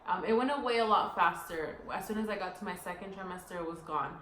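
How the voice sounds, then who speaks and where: A young woman chatting casually as a co-host, telling a long story in a rambling, animated way. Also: fairly low pitch, fast talker. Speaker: podcast co-host. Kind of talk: casual chat. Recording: echoey room, faint noise.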